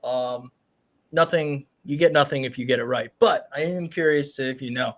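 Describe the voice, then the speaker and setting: A man's voice: mid-range voice, normal speed. A man in his thirties, a tattoo artist hosting a live stream, chatting casually and rambling as he talks straight to his viewers. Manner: rambling and upbeat, addresses viewers directly.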